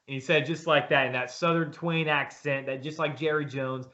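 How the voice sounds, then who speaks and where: Emphatic bright-voiced man talking sports. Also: a little high, fairly even intonation, brisk, few pauses. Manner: emphatic, rambling with repeated restarts. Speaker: podcast co-host. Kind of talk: casual sports chat. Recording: dull lo-fi sound.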